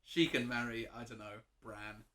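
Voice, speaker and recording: A man co-hosting a casual chat, enthusiastic, with quick bursts of excitement. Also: mid-range voice, crowd noise. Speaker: podcast co-host.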